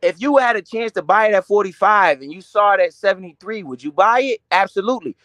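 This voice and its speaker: A young adult man hosting a casual finance live stream. He talks in an animated, slangy and profane way, asking questions and answering them himself. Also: high-pitched, fast, no room sound.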